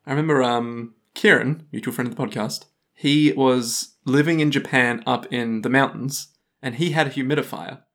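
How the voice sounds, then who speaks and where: A man's voice: medium pitch, fairly even intonation, normal speed, a bit bright. A young man co-hosting a casual podcast, rambling through anecdotes, laughing often and swearing casually. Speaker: podcast co-host.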